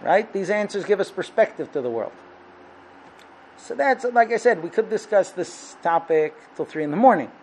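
A man teaching a Torah lesson, explaining with a parable and acting out its dialogue with animated delivery. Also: high-pitched, normal speed, slight background noise, poor audio. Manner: animated, acts out dialogue in the story. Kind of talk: lecture with parable storytelling.

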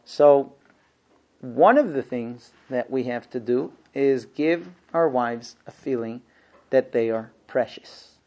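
Man, marriage class teacher, animated, playful role-play asides, earnest lecture tone. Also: mid-range voice, takes it slowly, highs cut off. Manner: lively, acts out husband and wife exchanges with humor; shifts between quiet earnest points and loud playful asides.

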